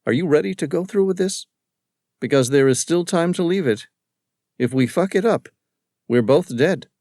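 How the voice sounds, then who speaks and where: A man's voice: fairly high pitch, animated, moderate pace, darkish tone, no echo, clean studio sound, pitched above the performer's own voice. A male narrator voicing a tough, hardened man who asks blunt, pressing questions. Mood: tense.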